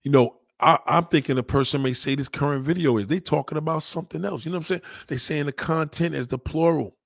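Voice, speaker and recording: A man talking casually on his livestream, rambling and emphatic, swearing often and swinging between loud and quiet. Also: a little high, quick pace, creaky, no echo, clean studio sound. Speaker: livestreamer taking donations.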